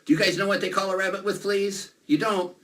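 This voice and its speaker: A man performing a children's magic show, playful and animated as he talks to the kids. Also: high-pitched, brisk. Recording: distant mic, faint noise.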